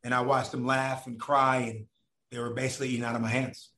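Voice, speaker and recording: With a mid-range voice and a fast delivery, a man recounts a long personal story in an echoey room. He's animated and profane in a casual way, voicing the other characters himself as he goes.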